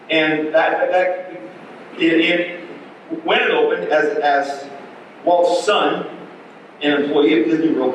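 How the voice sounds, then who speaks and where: Echoey, animated pastor preaching. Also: male voice, fairly high pitch, slight background noise. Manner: animated storyteller with repeated restarts. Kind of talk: sermon. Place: church sanctuary. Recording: very echoey church hall, distant mic.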